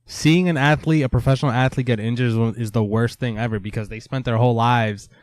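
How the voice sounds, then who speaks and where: A man's voice: medium pitch, fairly even intonation, fast talker, no room sound. A man co-hosting a podcast in a casual sports chat, earnest and a little defensive, laughing things off. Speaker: podcast co-host.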